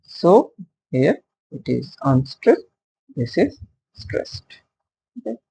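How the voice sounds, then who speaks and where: A male teacher, explaining poetry meter in a halting way, with many fillers and questions put to his listeners. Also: mid-range voice, big pitch swings, creaky, dark tone, a little hiss or hum, rough recording. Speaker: literature teacher. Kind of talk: casual classroom-style explanation.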